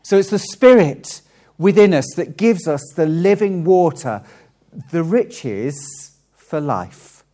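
A man from Wales preaching a friendly sermon with frequent ums and pauses. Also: on the high side, lively intonation, warm tone. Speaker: pastor.

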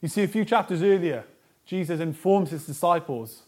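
A man preaching a sermon as a pastor, earnest, stressing repeated lists and moving between a soft, low voice and loud emphasis. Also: normal speed.

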